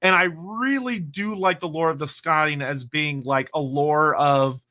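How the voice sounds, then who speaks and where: Man, podcast host, casual chat, rambling, swears freely, forceful bright voice. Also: a little high, a little slow. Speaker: podcast host reading viewer questions.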